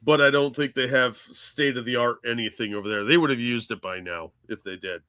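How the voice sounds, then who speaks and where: A man's voice: mid-range voice, a little fast, bright, forceful tone. A man co-hosting a casual political chat show, bantering in a dismissive, sardonic way. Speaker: show co-host.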